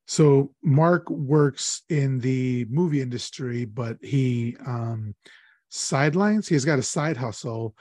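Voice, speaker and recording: A man's voice: medium pitch, slow pace, mellow, dry recording, clean studio sound. A man hosting a podcast, chatting casually about a horror film in a rambling way, searching for words as he goes. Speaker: podcast host. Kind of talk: casual horror movie chat.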